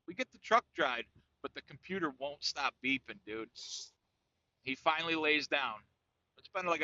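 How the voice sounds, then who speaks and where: A New York man spins a casual comic tale as a podcast co-host, full of profanity and constant "dude"s. His mid-range voice has a sharp tone, and the audio's highs are cut off.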